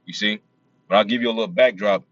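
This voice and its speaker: A man leading a Bible study. He reads verses slowly, then breaks off to explain them in loose, casual talk full of fillers. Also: lowish voice, very animated, creaky, a bit bright, no room sound, muffled recording. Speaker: preacher.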